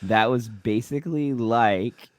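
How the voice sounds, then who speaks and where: A man's voice: mid-range voice, no room sound. A man co-hosting a podcast, rambling and laughing easily in casual chat. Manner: giggly, rambling, quick to laugh. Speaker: podcast co-host.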